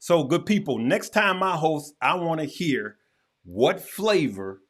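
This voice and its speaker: A man's voice: a little high, animated, slow, a bit bright. A man hosting a livestream in casual chat, talking emphatically and repeating himself, with heartfelt, preacher-like encouragement. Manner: emphatic and repetitive, with frequent restarts. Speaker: host.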